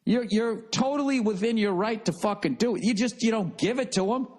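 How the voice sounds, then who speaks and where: A man in his forties rambling through a solo podcast monologue. He swears constantly, mocks himself, and drifts off on tangents in a loose, animated way. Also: high-pitched, brisk. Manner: profane, self-deprecating, animated. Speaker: podcast host.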